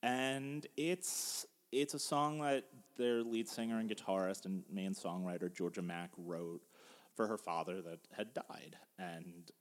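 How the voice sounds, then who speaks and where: A man's voice: sits low, unhurried. A young man hosting a casual music chat, rambling and laughing often. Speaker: podcast host.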